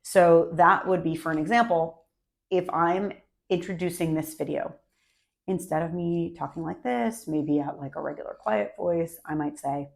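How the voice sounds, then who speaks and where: Woman coach with gravelly low voice. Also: normal speed. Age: adult, married. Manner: upbeat, conversational, punchy short phrases. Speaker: marketing coach. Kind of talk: direct-to-camera tips video.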